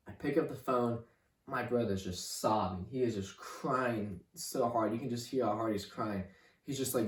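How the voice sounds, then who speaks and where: A young man tells his faith testimony in a halting way, repeating words and leaning on "like". His voice sits in a middling register. The sound is echoey and he is set back from the mic. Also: medium pitch, recorded from a distance. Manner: halting, repeats words, leans on "like" and "you know". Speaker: podcast guest. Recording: roomy room, voice off-mic.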